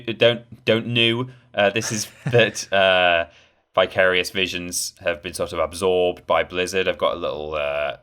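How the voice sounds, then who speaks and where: A man from Yorkshire, England, with a Yorkshire accent co-hosts a casual gaming podcast chat. His voice is low but bright and forceful, and his humour is dry, deadpan, and heavily sarcastic.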